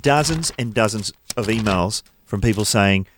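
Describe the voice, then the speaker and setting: A man's voice: fairly low pitch, normal speed, slight background noise. A man hosting a radio comedy show, teasing his co-hosts in casual banter. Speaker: radio host.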